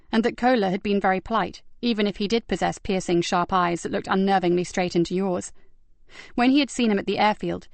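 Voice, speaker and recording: A woman's voice: mid-range voice, gravelly, no room sound. A woman narrating a crime novel as an audiobook reader.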